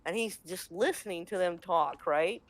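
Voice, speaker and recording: A woman's voice: lowish voice, moderate pace. A woman from the United States telling a funny gaming anecdote in casual chat, laughing often. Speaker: storyteller.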